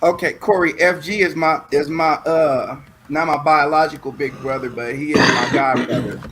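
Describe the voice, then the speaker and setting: A man from Southern California telling a long story in a casual chat, animated and repeating words as he goes. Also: on the high side, moderate pace, noisy background. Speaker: guest.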